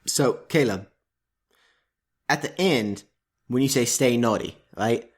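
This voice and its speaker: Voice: medium pitch, slow, slightly rough, soft background music. A podcast co-host in casual chat, rambling and often laughing. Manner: rambling, chatty, laughs a lot.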